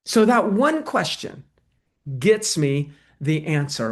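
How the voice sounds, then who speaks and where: A man teaching agents how to win listings, lively, and he acts out both sides of a talk with a client. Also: high voice, slow. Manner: energetic, acts out client dialogue. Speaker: real estate trainer. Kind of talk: sales training talk.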